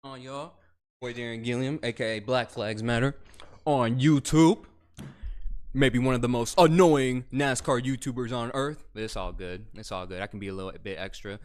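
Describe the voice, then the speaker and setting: A man's voice: mid-range voice, moderate pace. Chatty slangy man on a livestream. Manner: chatty, slangy, playful, says bro and y'all. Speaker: guest YouTuber. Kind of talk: casual livestream chat.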